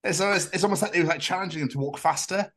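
A man with a Scottish accent co-hosting a podcast, an animated storyteller who swears freely. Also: sits high, rapid-fire. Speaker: podcast co-host. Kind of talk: casual chat.

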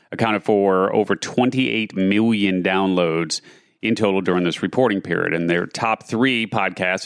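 A man's voice: deep voice, vocal fry, a bit bright, clear, resonant tone, dry recording, studio quality. A man co-hosting a podcast industry news show, chatting energetically and often restarting his sentences.

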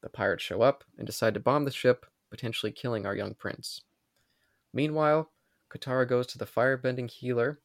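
A man's voice: medium pitch, quick pace, hardly any pauses, no room sound. A man hosting a podcast, tipsy from wine, reads an episode recap. He stumbles, restarts and swears at his own slips. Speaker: podcast host.

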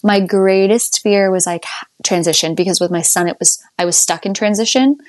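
A young adult woman tells her birth story to a podcast host in a casual, chatty way. She laughs often, and her voice leaps up high whenever she quotes herself. The sound is dry, with almost no room in it. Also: normal speed, no echo. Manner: animated, laughs often, jumps up high when quoting herself.

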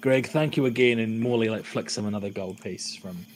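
A man playing a character in a tabletop game, talking smoothly and persuasively. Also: fairly low pitch, brisk, a little hiss or hum, low-quality recording. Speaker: player.

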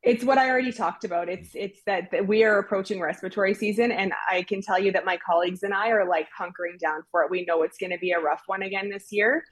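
A woman's voice: mid-range voice, fairly even intonation, quick pace, hardly any pauses, husky. A woman doctor answering interview questions in an earnest, explanatory way with fillers. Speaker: doctor guest.

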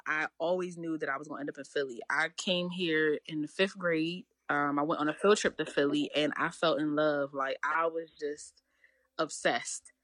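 A woman's voice: deep voice, a bit bright, no room sound, studio quality. Chatty woman with a Baltimore accent. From Baltimore County, USA. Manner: chatty, laughing, lots of "like". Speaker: guest. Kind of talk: casual chat.

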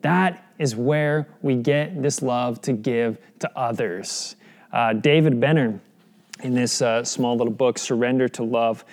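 A man's voice: medium pitch, measured pace, darkish tone. A young adult man preaching a sermon in an earnest, conversational way, often asking the listeners questions. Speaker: pastor.

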